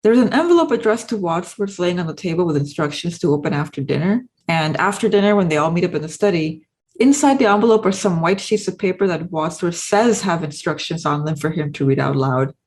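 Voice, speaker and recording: A woman's voice: lowish voice, lively intonation, brisk, a little mellow. A woman hosting a video essay, talking through her analysis in a casual, explanatory way.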